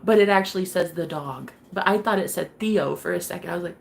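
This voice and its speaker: Hosting a tarot live stream, this young woman speaks fairly quickly in a fairly low voice with some vocal fry. She chats with viewers in a bubbly, casual way, cursing freely and laughing often.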